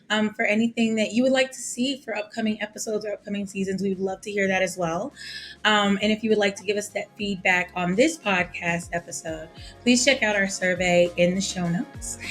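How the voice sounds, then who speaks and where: A chatty woman hosts a podcast, affirming her guest with frequent fillers as she talks. Her voice sits at an average pitch, and faint music runs in the background. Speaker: podcast host. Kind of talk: podcast interview.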